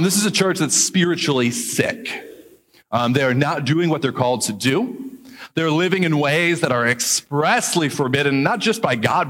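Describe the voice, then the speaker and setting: A man preaching a sermon as pastor, lively, joking aside now and then and drawing out key words for emphasis. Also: on the high side. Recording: long hall reverb.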